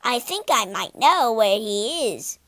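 A croaky gossipy old crow, as a woman reads him out, slow and sing-song, all ups and downs, crisp dry sound with no room to it, telling tales in a storybook voice. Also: on the high side, sing-song, fairly bright tone, no echo, exaggerated voice. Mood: chatty. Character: croaking talkative male crow, chatty and kindly.

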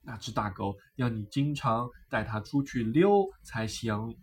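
A woman reading aloud, voicing a practical mom in a children's story with a gently cautioning manner. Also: very deep voice, unhurried, distant mic, voice pushed down.

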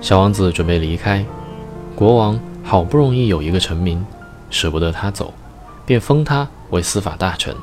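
A man narrating a storybook in a slow, careful reading. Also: deep voice, expressive, darkish tone, soft background music.

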